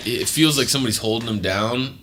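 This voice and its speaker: A man's voice: mid-range voice, brisk, bright, forceful tone, soft background music. A man co-hosting a podcast, telling a dream story in laid-back, profane, casual chat. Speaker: podcast co-host.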